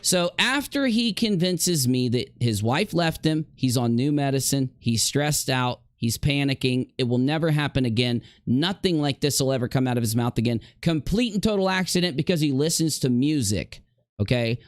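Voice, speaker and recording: A man's voice: mid-range voice, lively intonation, normal speed, no echo, clean studio sound. A man streamer in a heated livestream rant, confrontationally addressing a rival directly.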